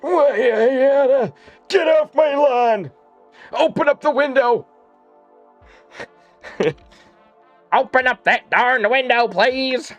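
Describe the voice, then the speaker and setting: A man voicing a cranky old man yelling from his porch, blustering empty threats. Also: very high voice, takes it slowly, pauses often, muffled recording, soft background music, voice pushed up, full character voice. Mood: grumpy.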